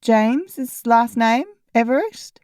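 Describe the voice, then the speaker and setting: A playful young man with a dry wit, teasing and stretching out his punchlines, as a woman reading a novel puts him on. His voice sits on the mellow, soft side, close to the mic in a dry booth. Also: high-pitched, big pitch swings, dry recording, pitched above the performer's own voice, full character voice. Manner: gently mocking, drawn-out teasing.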